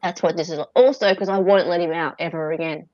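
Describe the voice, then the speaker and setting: A woman's voice: fairly low pitch, fairly quick, dry recording. A woman co-hosting a casual stream, chatty and telling stories with plenty of laughter. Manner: chatty, animated storyteller with laughs. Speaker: stream co-host. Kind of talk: casual chat. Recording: dull dry lo-fi sound.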